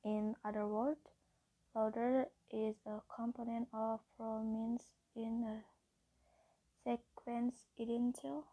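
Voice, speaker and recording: A woman with an Indonesian accent reads a phonology text aloud haltingly, then explains it in her first language, Indonesian. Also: on the high side, level tone, mellow, poor audio.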